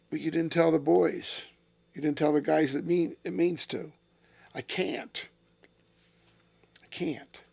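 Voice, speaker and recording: A man in his sixties, a former racing driver as interview guest, telling blunt, profane stories that flare into shouting. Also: fairly high pitch, gravelly. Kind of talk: storytelling in a casual interview.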